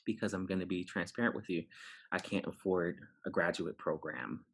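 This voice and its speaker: A man from New York City, a podcast guest, telling a personal story in an animated way and acting out the dialogue. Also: deep voice, normal speed, creaky, husky. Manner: animated, acts out dialogue, laughs while telling.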